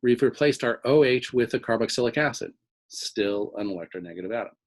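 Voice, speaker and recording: A man's voice: mid-range voice, lively intonation, brisk, rough recording. A man teaching organic chemistry in a recorded lecture, explaining step by step and often checking in with "okay?".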